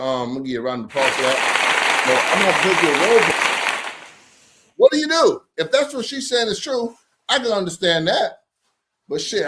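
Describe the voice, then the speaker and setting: Blunt, profane man with a high-pitched voice. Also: fairly bright tone. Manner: blunt, profane storytelling, laughs often, addresses viewers by name. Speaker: livestream host reading viewer comments. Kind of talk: casual livestream chat.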